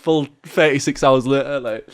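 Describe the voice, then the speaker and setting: A man telling a wild story as a podcast guest, animated and full of swearing and "like". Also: mid-range voice, normal speed. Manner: animated, swearing, acts out voices, lots of "like". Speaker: musician and ritual artist, podcast guest. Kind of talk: casual storytelling chat.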